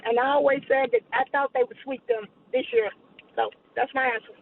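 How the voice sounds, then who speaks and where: A woman's voice: sits high, steady tone, brisk, slight background noise. A woman calling into a radio show to share her opinion as an eager, upbeat fan. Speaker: caller. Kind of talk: phoned-in casual chat. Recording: tinny phone line.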